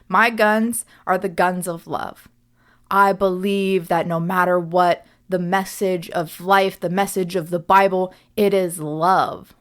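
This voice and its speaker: A woman's voice: mid-range voice, smooth. A young woman hosting a reflective solo podcast as a coach, speaking earnestly and often checking in with "right?".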